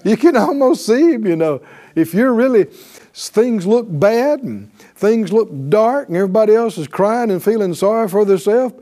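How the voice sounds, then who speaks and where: Speaking at a normal speed, a preacher with a high, dark-toned voice and lively intonation delivers an emphatic sermon. He reads scripture out loud, voices the quotes, and regularly checks in with "right?"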